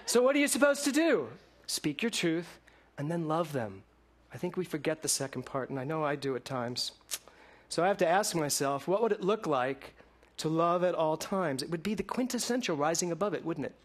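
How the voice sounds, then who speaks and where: A male minister delivers a sermon with a voice pitched a little high for a man. His delivery is expressive, rising to loud emphasis and dropping to near-hushed lines. He speaks to a congregation. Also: normal speed.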